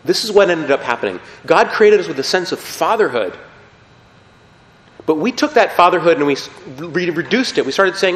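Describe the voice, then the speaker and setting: A man preaching a sermon with emphatic, animated delivery, often checking in with his listeners. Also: a little high, fairly quick. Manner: animated, emphatic, frequent "okay?" check-ins. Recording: roomy hall with long reverb.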